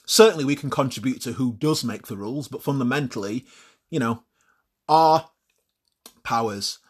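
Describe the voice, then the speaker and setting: A man's voice: mid-range voice, breathy edge. A man giving a blunt, opinionated solo monologue as a podcast host. He swears freely and repeats words while he thinks.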